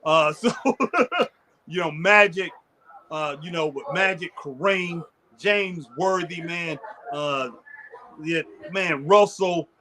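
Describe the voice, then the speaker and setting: A man co-hosting a casual sports chat show, excitable and reminiscing, laughing often as he talks. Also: a little high, slow pace, pauses often, noisy background. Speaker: podcast co-host.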